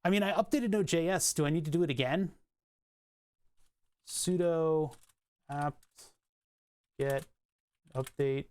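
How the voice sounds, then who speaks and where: A streamer thinking aloud while fixing software on a live stream, cursing and laughing at the frustration. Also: mid-range voice, takes it slowly, pauses often, clean tone.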